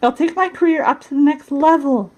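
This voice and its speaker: A woman's voice: high-pitched, fairly quick, dark tone, lightly acted, rough recording. A woman voicing a frustrated young pop star in a doll storybook reading, talking in an emphatic, exasperated way.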